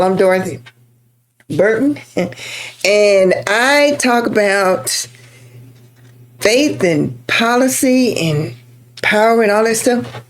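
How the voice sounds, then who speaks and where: A woman from Texas with a Texan accent, talking politics to her viewers in a chatty, emphatic way and repeating points for emphasis. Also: mid-range voice. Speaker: political commentator. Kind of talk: casual political talk to camera.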